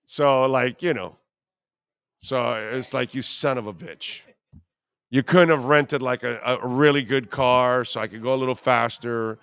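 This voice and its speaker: A man's voice: medium pitch, steady tone, unhurried, a bit bright, clear, resonant tone, no room sound, clean studio sound. A man in his fifties hosting a sports radio show, telling brash, profane stories in a casual way.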